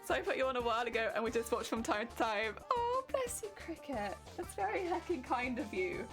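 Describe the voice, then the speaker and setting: A woman's voice: on the high side, very animated, brisk, fairly bright tone, soft background music. A young woman, chatting casually and laughing often as she talks to viewers on her craft live stream.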